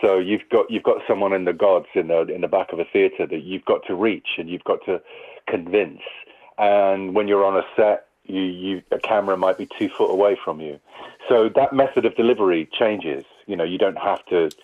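A man's voice: low-pitched, moderate pace. A male actor answering interview questions in a thoughtful, rambling way, with many restarts. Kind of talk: conversational interview. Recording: tinny phone-like line.

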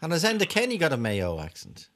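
A man's voice: a little high, huge pitch swings, fast, a bit bright. A man with an Irish accent hosting a radio show, chatting casually in a teasing, playful way. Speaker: radio host.

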